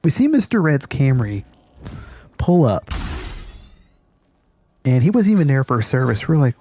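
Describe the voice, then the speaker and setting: Guy on a gaming vid telling a crazy story, keeps cracking up, mellow voice, swears a lot. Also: medium pitch, unhurried, long pauses, slight background noise. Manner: animated, laughs often while telling the story, swears casually. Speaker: gaming channel host. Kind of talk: casual storytelling over gameplay.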